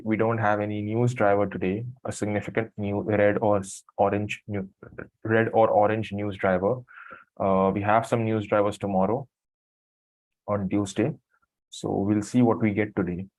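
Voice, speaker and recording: Drowsy low-voiced man doing market commentary. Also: a little mellow, no room sound, poor audio. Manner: halting, apologetic, thinking aloud. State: just woke from a nap, morning voice. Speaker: trading streamer.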